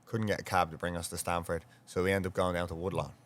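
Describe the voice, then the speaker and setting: A man's voice: deep voice, little pitch movement, fast. An Irish man co-hosting a podcast, chatting casually and eagerly setting up stories.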